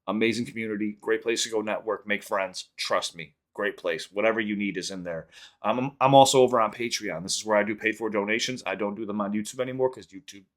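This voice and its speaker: A man hosting a reaction channel, rambling through a story and quick sign-off plugs in casual chat. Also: on the low side.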